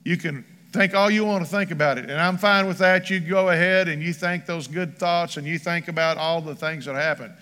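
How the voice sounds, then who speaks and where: A man's voice: on the high side, steady tone, fairly quick, few pauses, bright, forceful tone, clear, resonant tone. A man preaching a sermon as pastor, emphatic and rhythmic, reading scripture aloud. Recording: long church hall reverb.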